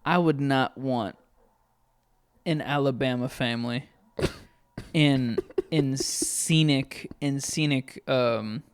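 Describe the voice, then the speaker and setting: A man's voice: mid-range voice, takes it slowly, long pauses, smooth, no room sound. A man co-hosting a podcast in casual chat, rambling and often restarting his sentences. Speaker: podcast co-host.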